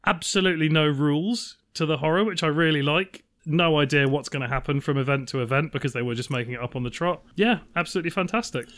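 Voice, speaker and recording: A man's voice: on the high side, quick pace, hardly any pauses, fairly bright tone. A man chatting on a podcast about cult films with dry enthusiasm. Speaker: podcast co-host. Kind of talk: casual chat.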